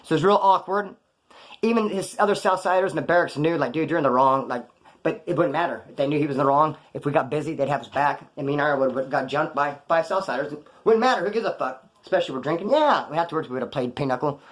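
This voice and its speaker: A man's voice: on the high side, fast. A man casually telling prison stories in a blunt, profane, slang-heavy way, acting out the dialogue. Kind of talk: casual storytelling.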